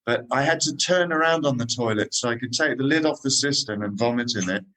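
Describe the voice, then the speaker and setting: A man guest on a podcast, telling lively travel anecdotes in casual chat over a remote call, often adding "man" and "eh". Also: mid-range voice, brisk, rough recording. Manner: animated anecdotes, says "man" and "eh".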